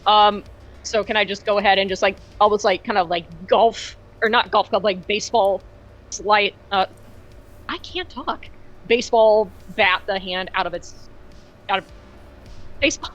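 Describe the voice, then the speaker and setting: A woman's voice: medium pitch, steady tone, fairly bright tone. Hesitant woman player, slightly muffled audio. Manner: hesitant, halting, many fillers and restarts. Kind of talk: playing a tabletop game.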